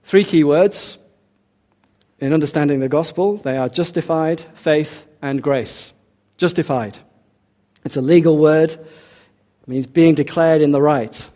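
Emphatic male preacher with a mellow voice. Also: on the high side, measured pace, pauses often. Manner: emphatic, repeats key points. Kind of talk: sermon.

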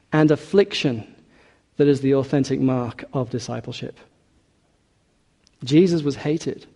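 Male preacher, sermon; mellow tone, emphatic, slows for weight. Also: mid-range voice. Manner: earnest, emphatic, slows and drops on key words.

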